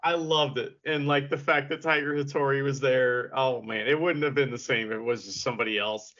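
A man's voice: mid-range voice, fairly even intonation, a little fast, fairly bright tone, lo-fi sound. A man co-hosting a wrestling podcast, bantering and laughing in casual chat. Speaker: podcast co-host.

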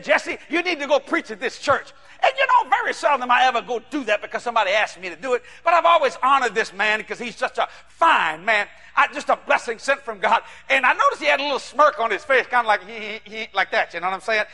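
High, bright, shouting preacher man. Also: big-room sound. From New Orleans, Louisiana. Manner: animated, shouting, acts out voices. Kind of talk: sermon storytelling.

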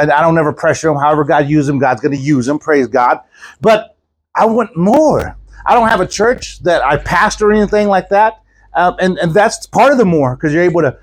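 A man's voice: fairly high pitch, slightly rough, rough recording. A man from Texas, a traveling preacher, giving an informal, folksy sermon and often repeating words as he tells stories. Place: church gathering.

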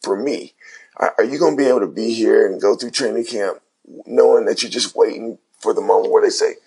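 A middle-aged man from Ohio spins a casual story, full of slang and acted-out dialogue. His voice is gravelly and husky. The pitch sits in a middle range for a man. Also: brisk. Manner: animated retelling with quoted dialogue, slangy. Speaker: guest, former pro basketball player.

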